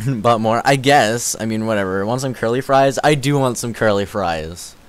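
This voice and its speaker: A giggly, excitable young man chats on a live stream and reads his chat aloud, swinging from low mumbles up to high squeals. His pace is moderate and his delivery smooth.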